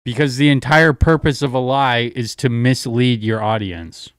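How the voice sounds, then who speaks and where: A man's voice: mid-range voice, normal speed, clear, resonant tone, no echo, clean studio sound. A young man hosting a livestream, ranting in a profane, rambling way while distracted by his phone and screen. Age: young adult. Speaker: livestream host. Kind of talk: casual livestream rant.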